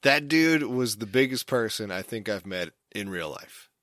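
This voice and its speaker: A man's voice: lowish voice, lively intonation, normal speed, a bit bright, no room sound, studio quality. A young man telling a casual, rambling story, often stopping and restarting mid-sentence. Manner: rambling, self-interrupting storyteller.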